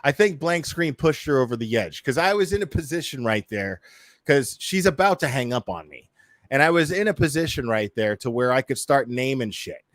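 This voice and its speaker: A man's voice: mid-range voice, lively intonation, normal speed, a bit bright, no echo. A man hosting a casual reaction commentary, swearing freely, laughing and stammering through restarts. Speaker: YouTube commentary host.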